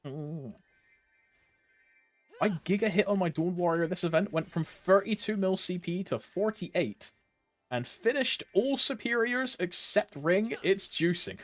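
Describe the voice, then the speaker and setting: Rambling through a casual game stream, this young man from Britain fills the air with fillers and bits of humming, his voice sitting high, animated, and a little slow. Faint music plays behind him.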